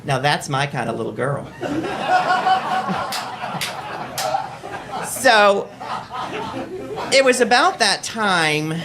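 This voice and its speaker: A man from Texas hosting a live storytelling show in a cabaret, telling a personal story in a wry, animated way and often laughing as he goes. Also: a little high, slow, pauses often, a loud crowd, very noisy. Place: cabaret stage before an audience.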